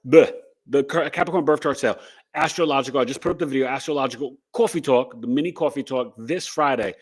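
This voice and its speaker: A middle-aged man talks loosely to his live viewers as host of an astrology show. He rambles from topic to topic in an upbeat, chatty way, with a voice of ordinary male pitch. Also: quick pace, slightly rough. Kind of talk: casual livestream chat.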